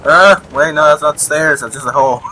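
A man's voice: a little high, normal speed, pushed and bright, a little hiss or hum, low-quality recording. A young man giving live gameplay commentary, rambling, swearing and chuckling at enemies, with game gunfire behind him. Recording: faint gunfire and vehicles behind. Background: game gunfire and explosions.

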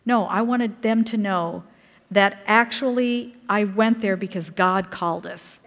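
A middle-aged woman from Utah giving a personal testimony sermon at a conference, telling her story earnestly with lively quoted asides. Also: mid-range voice, measured pace, muffled recording. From Utah, USA. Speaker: conference speaker. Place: church conference hall. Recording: reverberant hall.

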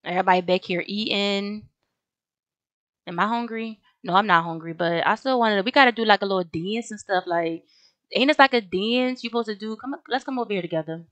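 A woman's voice: medium pitch, a little fast, fairly bright tone, dry recording. A young woman casually commenting on her game as she plays, chatty and slangy, often talking straight to her viewers. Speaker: gaming video host.

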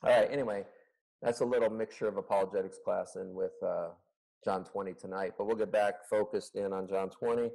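A man's voice: on the low side, steady tone, fairly quick, gravelly, dark tone, poor audio. A man teaching a Bible study as a pastor, earnest and conversational, asking his listeners rhetorical questions, recorded over an online video call.

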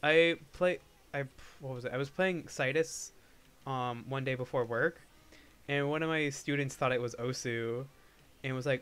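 A man's voice: medium pitch, moderate pace, a bit bright, clear, resonant tone. A young man streaming live, chatting casually and rambling, often restarting his sentences. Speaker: livestreamer. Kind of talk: casual livestream chat.

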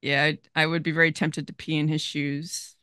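A woman's voice: deep voice, flat delivery, moderate pace, sharp tone, smooth, no echo, studio quality. A woman hosting a podcast, chatting frankly and casually with a guest. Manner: chatty, frank, laughs easily. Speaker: podcast host. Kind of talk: casual conversation.

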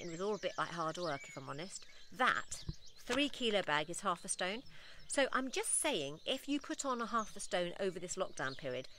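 A woman's voice: lowish voice, sharp tone, a little hiss or hum. A middle-aged woman, a fitness instructor, talking on a casual live stream outdoors from her front steps on a hand-held phone. She chats in an upbeat way, laughs often and reads out viewer comments.

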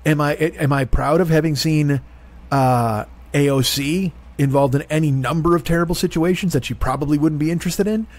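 A man's voice: a little high, moderate pace, darkish tone. A man in his forties hosting a solo comedy monologue, ranting in a profane, rambling, exasperated way. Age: 40s. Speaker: comedian host.

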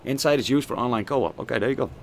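A young man streaming a video game, swearing, joking and reacting loudly as he plays and reads the chat. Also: mid-range voice, racing, a little hiss or hum. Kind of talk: casual gaming stream commentary.

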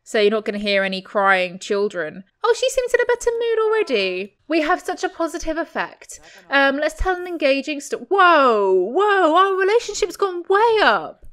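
A young woman chats through a life-sim game. Her voice is high and bounces around, and she breaks into giggles as she coaxes and scolds the characters. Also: big pitch swings, moderate pace, few pauses, fairly bright tone. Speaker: gaming channel host. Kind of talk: life-sim gameplay commentary.

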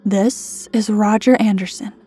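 A stern, unsmiling briefer delivers the mission in a low, monotone drawl, as a woman puts her on. Her voice is mellow and husky. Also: measured pace, faint music behind. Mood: deadpan.

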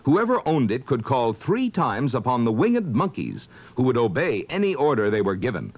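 Dramatic male storybook narrator. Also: mid-range voice. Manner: dramatic, expressive reading. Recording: dull lo-fi vintage record with hiss.

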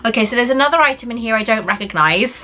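A woman's voice: fairly high pitch, expressive, very fast, bright, forceful tone, faint music behind. A woman vlogger unboxing gifts in casual chat, gushing and emotional, often exclaiming with delight.

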